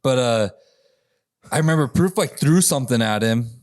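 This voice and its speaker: A man's voice: medium pitch, normal speed, no echo, studio quality. A man hosting a podcast, telling rowdy stories in a casual, profane way and laughing often, with voices for the people in them. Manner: profane, laughing, animated retelling with quoted voices. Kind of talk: casual chat, storytelling.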